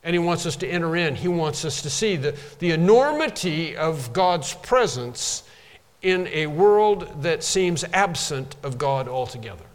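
A man's voice: a little high, animated, unhurried, long reverb tail. A man preaching a sermon, emphatic and repeating phrases to drive them home.

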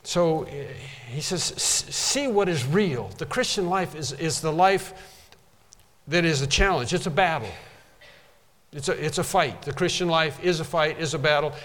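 A man's voice: fairly high pitch, lively intonation, normal speed, fairly bright tone, big-room sound. A man preaching a sermon, emphatic and repeating phrases to drive them home.

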